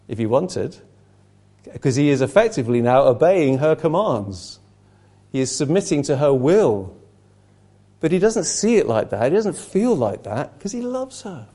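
A man's voice: medium pitch, warm tone. A man preaching a conversational sermon to a small group, earnest, repeating words as he restarts his sentences.

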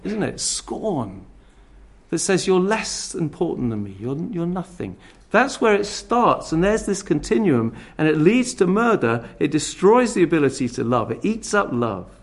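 A man preaching a sermon. He swings from loud emphasis to near-whispered asides and acts out scornful voices. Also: sits high, vocal fry.

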